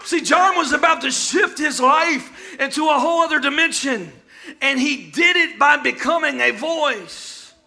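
A man preaching a sermon in call-and-response style, often shouting and chanting his lines. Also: very high-pitched, gravelly.

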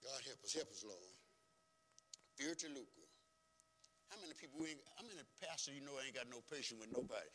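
A man preaching a folksy, emphatic sermon as pastor, swinging between soft and loud. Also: medium pitch. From rural background.

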